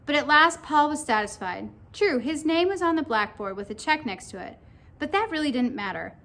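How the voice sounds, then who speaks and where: A woman narrating a children's story aloud with expressive storytelling. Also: high voice, moderate pace.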